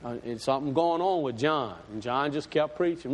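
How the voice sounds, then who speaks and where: A man's voice: medium pitch, normal speed, hardly any pauses. A man preaching a sermon in a folksy, storytelling way with sudden emphatic swells. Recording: echoey hall.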